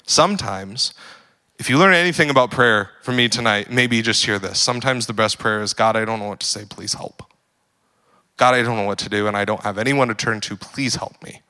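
A young adult man preaching a casual sermon, joking and full of fillers, building to animated emphasis. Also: lowish voice. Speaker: pastor.

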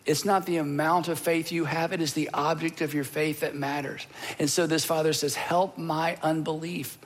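A man preaching a sermon in an earnest, emotional way, with dramatic pauses and repeated phrases. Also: on the high side, little pitch movement. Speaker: pastor.

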